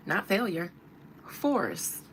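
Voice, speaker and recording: A woman's voice: mid-range voice, wildly swooping pitch, drawn-out words, noisy background. A woman doing a casual livestream tarot reading, chatty and emphatic, repeating her points for viewers. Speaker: tarot reader and gossip host.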